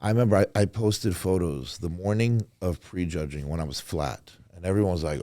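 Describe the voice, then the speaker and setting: A man's voice: low voice, a little fast, no room sound, clean studio sound. A man, a pro bodybuilder guest on a podcast, talking candidly and casually, swearing and acting out what others said. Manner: candid, swears, quotes others in animated voices.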